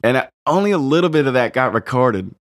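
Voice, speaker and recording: A young man, a comedian guest, telling stories in a casual chat, profane and animated, with shouted rants. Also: medium pitch, quick pace.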